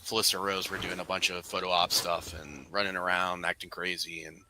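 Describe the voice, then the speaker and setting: A man's voice: deep voice, little pitch movement, brisk, noisy background. A man co-hosting a casual online watch-along, talking in a loose, rambling, tipsy way. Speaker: co-host. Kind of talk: casual chat.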